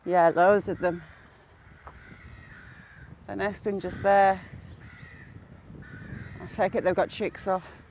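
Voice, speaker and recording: A woman's voice: mid-range voice, little pitch movement, takes it slowly, pauses often, a little mellow. A woman with a Northern English accent mixing Yorkshire and Geordie, live-streaming a walk through a village on a handheld phone. She chats away, greets viewers by name and points things out. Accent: Northern English, Yorkshire and Geordie mix. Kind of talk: casual live walk-and-talk. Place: outdoors in a village, walking. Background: crows calling, faint outdoor noise.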